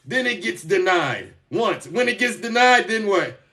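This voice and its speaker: A man's voice: sits high, sing-song, a little slow, bright, forceful tone, distant mic. A man doing a casual live political rant as a TikTok commentator, sarcastic and emphatic, often repeating himself.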